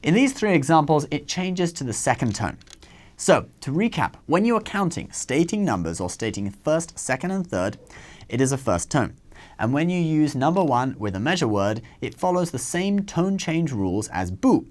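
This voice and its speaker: A man hosting a scripted language lesson, explaining rules clearly and saying example words slowly and carefully. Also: fairly high pitch, big pitch swings, darkish tone. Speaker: host and Chinese language teacher.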